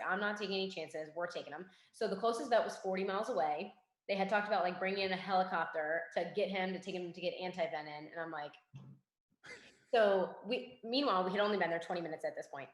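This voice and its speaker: A young woman who works as a forensic investigator and K9 handler tells a story as a guest in a casual interview, acting out the quoted lines with lots of energy. Her voice sits fairly low, and the recording has a roomy echo.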